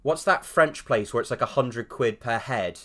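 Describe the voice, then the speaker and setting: English man, standard southern accent, sarcastic, casual banter, mid pitch. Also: normal speed, fairly bright tone. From England. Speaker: art contest judge. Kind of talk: casual chat.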